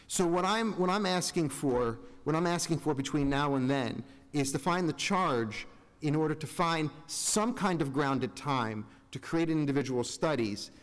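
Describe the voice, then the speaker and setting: A man's voice: fairly high pitch, expressive, a little slow. Board member, 40s man, earnest and rambling, long hall echo. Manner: rambling, earnest, self-interrupting. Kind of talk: public meeting remarks. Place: large school meeting room. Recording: reverberant hall.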